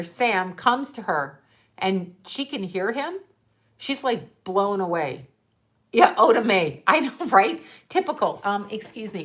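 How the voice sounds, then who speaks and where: A woman's voice: a little high, fairly bright tone. Blunt, profane woman psychic medium. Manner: candid, profane, laughs often. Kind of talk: casual livestream chat with viewers.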